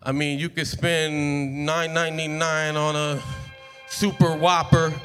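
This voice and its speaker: A man's voice: a little high, flat delivery, unhurried, music in the background. A man from Detroit, a rapper and street performer, rhyming with a rhythmic delivery and casual spoken asides on a city street corner. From Detroit, USA. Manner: rhythmic, rhyming delivery with hype call-and-response. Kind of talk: freestyle rapping with casual asides. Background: loud hip hop beat.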